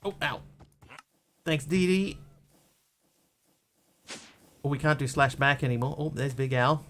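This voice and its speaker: A man's voice: medium pitch, measured pace, a bit bright, a little hiss or hum. A man live-streaming a video game, chatting in a scattered way, yelping and thanking viewers as he plays.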